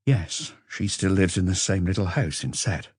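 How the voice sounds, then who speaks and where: An exhausted forty-year-old man answers an interrogation hesitantly but earnestly, as a man reads him in an audiobook. The voice is low, and the recording is close and dry. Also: normal speed, darkish tone, breathy edge, no echo. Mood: weary. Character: weary, sleepless forty-year-old man under questioning.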